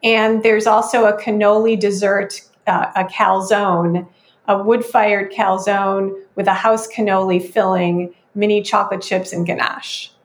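A female co-host in casual chat, reading off menu items and pausing on ums. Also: mid-range voice, flat delivery. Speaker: food news co-host.

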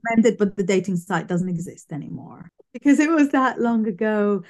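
A woman from the UK with a quirky, unusual voice, chatting loudly as a guest over a video call. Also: medium pitch, expressive, brisk. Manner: loud, chatty, laughs often. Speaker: guest psychic medium. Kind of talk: casual interview chat.

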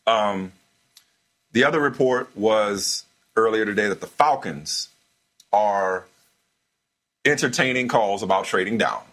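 A man hosting a sports talk show, debating with his co-host in a casual, animated way, often repeating himself as he talks. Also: on the low side, a little slow, pauses often.

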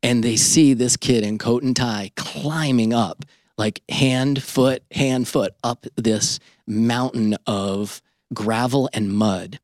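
A middle-aged man, an entrepreneur and podcast host, telling a lively anecdote in an interview and often checking in with "right?". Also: mid-range voice, slow pace, no room sound, clean studio sound.

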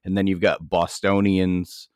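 A man with a New England accent in casual podcast chat, relaxed and explaining. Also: deep voice, measured pace, clean tone, no room sound, clean studio sound. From New England, USA.

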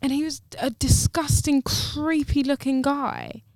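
A woman, co-hosting a casual podcast and telling stories in an animated, indignant way, swearing freely. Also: a little slow, no room sound, studio quality. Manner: animated storytelling with swearing, jumps high when indignant. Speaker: podcast co-host.

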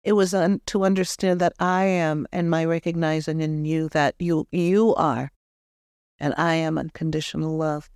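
A woman's voice: low-pitched, fairly even intonation, moderate pace, darkish tone, clean tone, no echo, studio quality, pitched below the performer's own voice. A woman channeling the cocky, loving spirit of a young man. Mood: reflective. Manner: earnest, reflective, jokes about himself.

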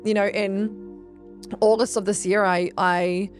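A woman hosting a podcast as a business coach, talking in a quick, emphatic, casual way, filling her talk with "like" and swearing freely. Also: mid-range voice, flat delivery, soft background music. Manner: rapid, emphatic, heavy "like" fillers, swears freely. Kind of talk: casual motivational monologue.

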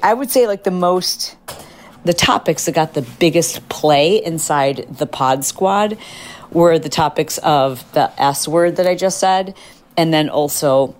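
A woman's voice: on the low side, measured pace. A middle-aged woman hosting a podcast, chatting casually and animatedly, now and then acting out quoted voices. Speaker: podcast host. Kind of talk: casual solo podcast chat.

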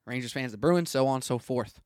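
A man's voice: medium pitch, a little fast, darkish tone, no echo, clean studio sound. A young man hosting a solo sports podcast, ranting in a punchy, opinionated way with lots of rhetorical questions.

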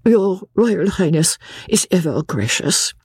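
A woman's voice: low-pitched, big pitch swings, a little slow, mellow, slightly rough, dry recording, studio quality, pitched above the performer's own voice, exaggerated voice. A woman reading aloud and voicing a rigid, frigid old aristocratic lady. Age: older. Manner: stiff, cold, dignified.

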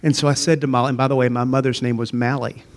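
A man's voice: mid-range voice, flat delivery, quick pace. A man in his fifties telling an earnest personal faith story as a guest in a church interview. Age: 50s.

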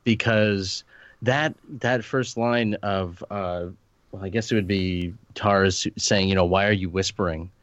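A man with a lowish voice talks about a film on a podcast. He is eager and stumbles through fillers and restarts. The sound is dry and a bit dull. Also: steady tone, slow pace, no echo. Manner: enthusiastic, many fillers and restarts. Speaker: podcast panelist. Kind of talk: casual film discussion.

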